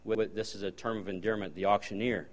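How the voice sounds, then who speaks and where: Guy preaching a folksy sermon, swings from quiet to loud bursts. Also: fairly low pitch, fairly even intonation, fast. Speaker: guest preacher.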